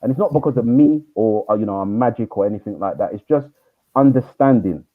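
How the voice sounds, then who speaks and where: Fast-talking man on a tinny line. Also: on the low side. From East London. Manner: animated storyteller, quick. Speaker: guest, teacher trainer. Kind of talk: interview storytelling.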